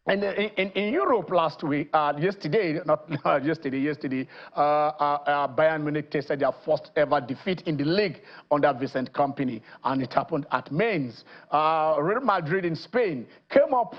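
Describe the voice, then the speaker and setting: A man from Nigeria hosting a TV sports show, lively and rambling, with lots of fillers and restarts. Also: on the high side, muffled recording. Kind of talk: TV sports show chat and interview. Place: TV studio.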